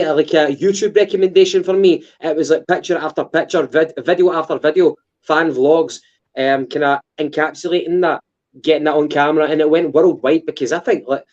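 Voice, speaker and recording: A man's voice: on the high side, darkish tone, highs cut off. Scottish man hosting a football podcast. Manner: hesitant, many fillers and restarts. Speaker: podcast co-host. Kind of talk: casual football chat.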